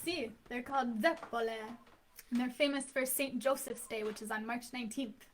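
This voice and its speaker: A woman's voice: on the high side, fairly even intonation, normal speed. A woman, a guest in a casual chat who laughs easily and explains words.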